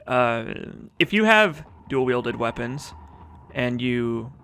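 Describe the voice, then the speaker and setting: A man's voice: medium pitch, lively intonation, slow, bright, forceful tone, slight background noise. A man commenting casually on his own speedrun video, joking, swearing and rambling, reading chat aloud, recorded as a desk-mic voice-over. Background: game music.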